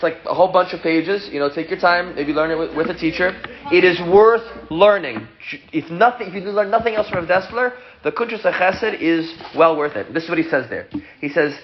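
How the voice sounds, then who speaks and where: A man teaching an informal Torah lesson, his voice sitting a bit high and swinging widely as he explains. He is playful and chatty with his students. The sound is dull and lo-fi with a faint hiss behind him. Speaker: rabbi teaching a class.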